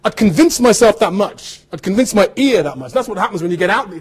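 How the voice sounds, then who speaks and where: An English man, an actor, giving an animated anecdotal talk to students and acting out voices as he tells stories. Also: sits high, a little fast, husky. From United Kingdom. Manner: animated storyteller, acts out voices.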